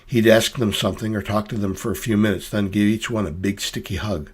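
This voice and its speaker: A man's voice: fairly low pitch, fairly even intonation, fairly quick, husky. A man reading his own story aloud in dry, wry, hard-boiled first-person narration.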